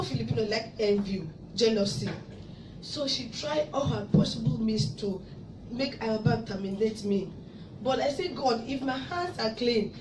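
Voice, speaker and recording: A high-voiced woman from Africa tells her testimony in a church hall, growing more and more emotional and rising to loud praise. She sounds far from the mic in a roomy, echoing space. Constant background noise sits under her voice. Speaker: church member giving testimony. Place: church hall in Abu Dhabi.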